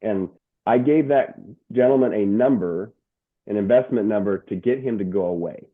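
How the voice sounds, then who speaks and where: Middle-aged guy telling his story in an interview, kinda low voice, sounds like a phone call, keeps restarting words. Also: normal speed. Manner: animated, stumbling restarts and word repeats. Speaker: guest, motivational speaker and coach. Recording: tinny phone-like line.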